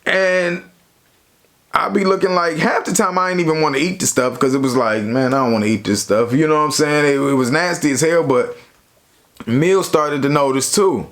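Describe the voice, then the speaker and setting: A young man casually telling a story from his own life to his viewers, in a slangy, relaxed way. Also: on the high side, normal speed. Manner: slangy, relaxed, lots of "you know". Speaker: YouTuber.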